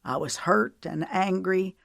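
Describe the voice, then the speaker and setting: An older husband, remorseful yet teasing, who speaks with a slow, drawling earnestness, as a woman narrator puts him on. His voice sits low and unhurried, recorded close and dry. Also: gravelly, dry recording.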